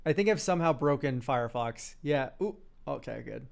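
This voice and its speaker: A man streaming live and reviewing viewers' card decks, excitable and quick to laugh, swearing casually. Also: mid-range voice, creaky. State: choked up, near tears.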